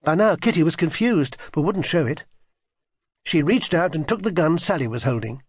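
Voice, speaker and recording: A man reads a children's storybook aloud with expressive, lively intonation that rises and falls widely. His voice has a husky grain. The recording is close and dry, with no room sound. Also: on the high side, normal speed, no room sound. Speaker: audiobook narrator.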